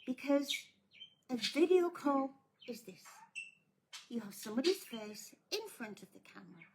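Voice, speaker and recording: A woman's voice: sits high, lively intonation, a little slow, background noise. A woman speaking bluntly and earnestly to viewers as a scam awareness advocate, pleading with them to think. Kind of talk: casual warning talk to viewers.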